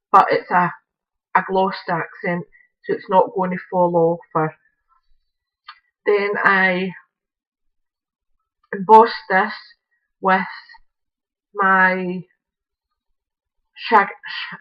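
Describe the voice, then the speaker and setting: Woman, unhurried crafting vlogger, chewing gum, rambling chat, muffled home recording. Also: mid-range voice. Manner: chatty, rambling, with frequent fillers and restarts. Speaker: craft video maker. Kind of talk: casual crafting show-and-tell.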